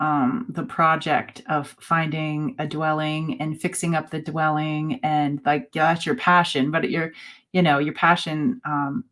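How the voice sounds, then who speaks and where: A woman in her forties hosting a casual live chat, talking in a halting way with many fillers and soft laughs. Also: low voice. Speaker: host.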